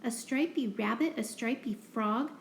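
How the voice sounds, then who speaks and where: Woman doing fretful Mister Betts, high and pleading. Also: unhurried, gravelly, slight background noise. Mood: indignant. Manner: pleading, sing-song listing. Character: fretful pet owner man, worried. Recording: roomy echo.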